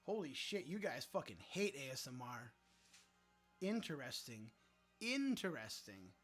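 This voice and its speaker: A man's voice: mid-range voice, lively intonation, moderate pace, fairly bright tone, breathy edge, soft background music. A man hosting a casual livestream, joking around and answering viewer chat aloud, with some swearing. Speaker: livestream host.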